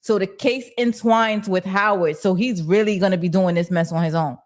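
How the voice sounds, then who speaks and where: Animated woman chatting on a livestream. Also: medium pitch, moderate pace. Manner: animated and slangy, talks back to chat. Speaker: host of a TV recap livestream. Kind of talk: casual livestream chat reading viewer comments.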